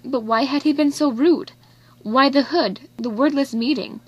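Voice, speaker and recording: Woman audiobook narrator, steady expressive reading, slightly high. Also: measured pace, no room sound, lo-fi sound. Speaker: audiobook reader. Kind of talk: scripted narration.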